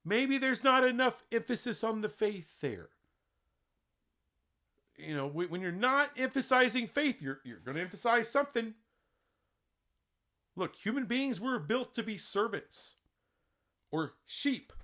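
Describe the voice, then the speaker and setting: A man delivers an opinionated sports rant in a fairly high voice. His pitch swings widely as he presses point after point. He sounds indignant and fires off rhetorical questions. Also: sing-song, measured pace, long pauses, bright, forceful tone. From Texas. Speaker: sports commentator. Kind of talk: opinionated solo commentary.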